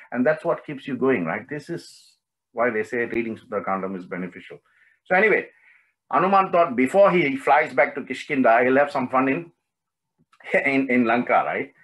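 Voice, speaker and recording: A man's voice: medium pitch, fairly bright tone, poor audio. A man teaching a devotional scripture lesson, telling the story conversationally and often asking his listeners questions. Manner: conversational, frequent questions to the audience. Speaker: spiritual study teacher.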